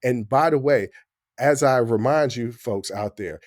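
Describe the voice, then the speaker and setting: A man in his forties from the United States co-hosting a podcast, talking in an animated, joking way and jumping between points. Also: medium pitch, a little slow, no room sound, clean studio sound. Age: 40s. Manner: animated, jokey, talks over his co-host. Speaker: podcast co-host. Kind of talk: casual chat.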